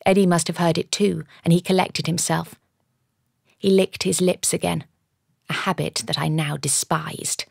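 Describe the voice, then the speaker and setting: A woman narrating an audiobook in the first person, measured and storytelling, recorded on a studio microphone. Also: fairly low pitch, vocal fry, no room sound. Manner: measured storytelling with lively character dialogue.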